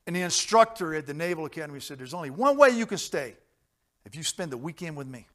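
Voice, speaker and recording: A man delivers a sermon in a somewhat high voice, moving between hushed, intimate passages and loud, fervent ones. He tells stories in a folksy way and slips in jokes and chuckles along the way. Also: very animated, fast. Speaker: preacher.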